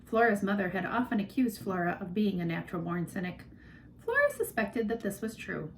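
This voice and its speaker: A woman narrating a children's novel aloud in an expressive storytelling manner. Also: medium pitch, a little fast, a little hiss or hum, poor audio. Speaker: reader.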